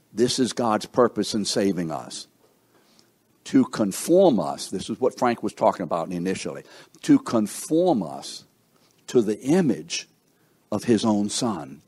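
A middle-aged man preaching a sermon, slow and emphatic, asking the congregation rhetorical questions. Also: mellow, breathy edge. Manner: slow, emphatic preaching with wide swings in pitch and volume.

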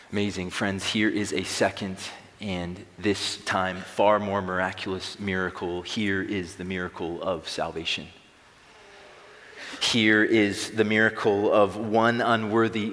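A man's voice: on the low side, a bit bright. A young man preaching a sermon to a large room, emphatic and building intensity on key phrases. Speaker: pastor. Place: large room with long reverb. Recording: echoey hall reverb.

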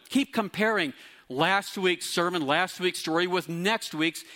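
Bright-voiced man preaching a sermon. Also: on the high side. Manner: teaching, explains Greek words, lively emphasis. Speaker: pastor.

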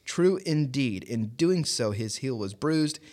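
A man of middle pitch talking in a relaxed podcast about scripture. He laughs easily between points, and when he reads a long commentary aloud he settles into a measured, deliberate delivery. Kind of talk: casual Bible discussion.

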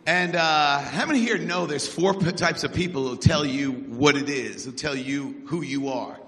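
A middle-aged man preaching a sermon with energetic call-and-response, in a church hall. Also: on the high side, moderate pace. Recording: echoey hall.

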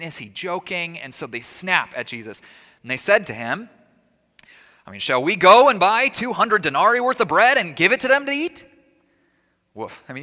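A man's voice: a little high, pushed and bright. A man preaching a sermon as a pastor, talking in a conversational way, asking rhetorical questions and adding humorous asides. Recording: long reverb of a large hall.

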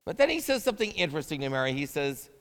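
A man's voice: on the high side, big pitch swings, racing. A male pastor preaching a sermon in a conversational way, asking the listeners questions as he goes. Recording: long reverb of a large hall.

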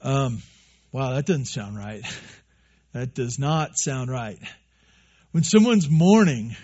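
A man's voice: mid-range voice, animated, slow, darkish tone, slightly rough, dull audio. A man preaching a sermon as pastor, earnest, repeating his phrases and acting out what his listeners say.

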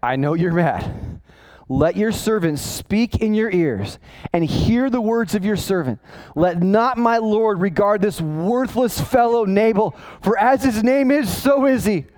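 A man's voice: sits high, animated, unhurried, darkish tone. A man reading the lines of a humble woman earnestly begging forgiveness, in a sermon. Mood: pleading. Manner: pleading, earnest.

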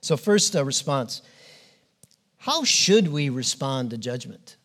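A man preaching a sermon as pastor, earnest and emphatic, pausing often and restarting phrases. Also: medium pitch, very animated, fairly bright tone. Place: church.

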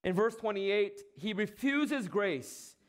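A man preaching a sermon, asking rhetorical questions, using dramatic pauses and acting out quoted lines. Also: sits high, lively intonation. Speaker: pastor.

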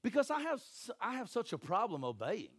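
A man, preaching a sermon in a church with jokey, animated storytelling and acted voices. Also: high voice, brisk, husky. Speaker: pastor.

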